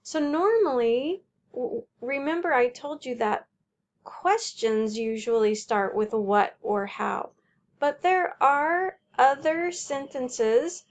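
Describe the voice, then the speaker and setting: A woman teacher explaining a homework sheet in a slow, careful way, walking through examples. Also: high voice.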